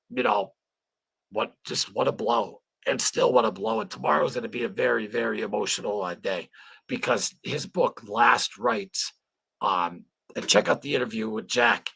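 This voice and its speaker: Gravelly raspy guy on a stream, rambling, cussing, saying hi to chat. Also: medium pitch, sharp tone. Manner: rambling, emotional, swears freely; greets viewers by name. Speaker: livestream host. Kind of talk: casual livestream chat.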